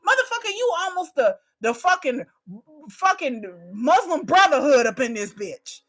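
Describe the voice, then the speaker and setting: A woman's voice: high-pitched, big pitch swings, normal speed. A woman doing a live reaction stream, delivering a profane comedic rant. She swears constantly, repeats lines for emphasis and keeps breaking into laughter.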